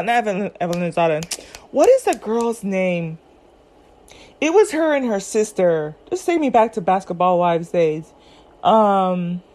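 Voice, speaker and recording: A chatty woman talking at an everyday pitch and hosting a casual commentary show. She rambles, piles on fillers and keeps correcting herself mid-sentence as she talks things over with her listeners. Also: darkish tone. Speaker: podcast host. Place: at home, eating snacks.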